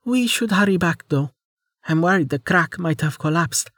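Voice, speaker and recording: A man reading aloud, voicing a calm armored female warrior with a lifted, gentle voice. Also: fairly high pitch, normal speed, dry recording, studio quality, voice pushed up.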